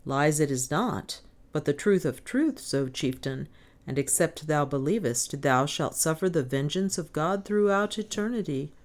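A woman voicing a male missionary priest who speaks gravely in archaic words. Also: low-pitched, lively intonation, a little slow. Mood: solemn. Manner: grave, solemn archaic speech.

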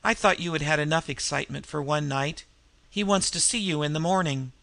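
A man voicing a soft-spoken gallant adventurer. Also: a little high, fairly quick, vocal fry, dry recording. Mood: gentle. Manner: soft, gentle. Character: gallant, tender male adventurer.

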